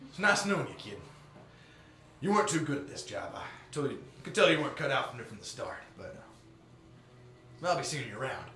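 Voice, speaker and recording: A man's voice: mid-range voice, very animated, brisk, pauses often, sharp tone, pitched above the performer's own voice. A man voicing a mocking, threatening male criminal enforcer in a tabletop game, in a roomy live stream recording. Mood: menacing.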